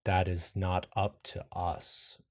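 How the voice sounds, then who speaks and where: Male GM voicing a deep rumbling entity: slow, ominous, very low. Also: level tone, no room sound.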